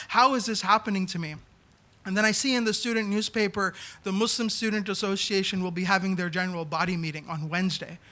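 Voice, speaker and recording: A man in his thirties from New York City telling a comic story on a theater stage, animated, acting out the voices he quotes. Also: high voice, brisk. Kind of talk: live comedic storytelling. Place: small theater stage, live audience.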